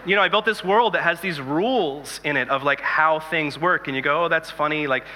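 A man in his thirties preaching a sermon in a relaxed, conversational way, telling jokes and stories. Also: a little high, fairly quick. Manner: conversational, animated storytelling with jokes. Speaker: pastor. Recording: long hall reverb.

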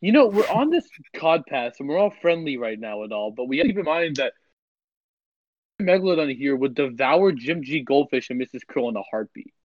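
A man's voice: medium pitch, big pitch swings, a little fast, dry recording. A man on a comedy podcast, playful and giggly in his interjections. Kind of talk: comedy podcast role-play. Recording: muffled lo-fi audio.

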